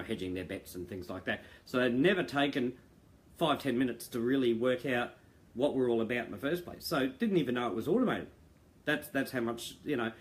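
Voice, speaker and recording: A middle-aged man talking earnestly to members on a video call, rambling with fillers and restarts. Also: medium pitch. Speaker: founder addressing members. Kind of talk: casual monologue to viewers. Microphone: video call mic.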